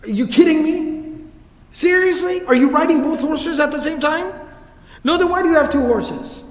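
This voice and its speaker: A man's voice: fairly high pitch, big pitch swings, normal speed, darkish tone, pitched below the performer's own voice. A man doing an indignant older scold. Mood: exasperated. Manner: scolding, incredulous. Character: older male companion, fiery and indignant. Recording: echoey hall reverb.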